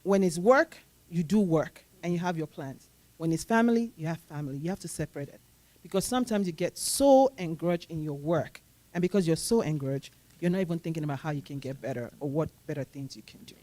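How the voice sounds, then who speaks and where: A woman team leader on a panel, giving practical career advice in a steady, matter-of-fact, instructive way. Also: deep voice, brisk, dry recording.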